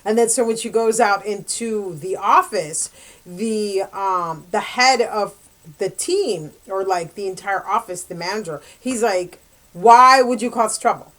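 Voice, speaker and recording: A woman's voice: medium pitch, unhurried. A chatty woman walks through a novel's plot in a loose, rambling review. She talks casually, leaning on "like" and "um" as she goes. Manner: rambling, chatty, lots of fillers and "like". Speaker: book reviewer.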